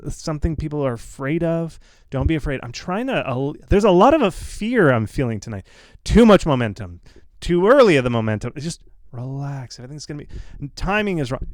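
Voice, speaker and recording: A man hosting a casual live Q&A, blunt and reassuring, often repeating himself with quick asides. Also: a little high, a little mellow, dry recording. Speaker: host answering viewer questions.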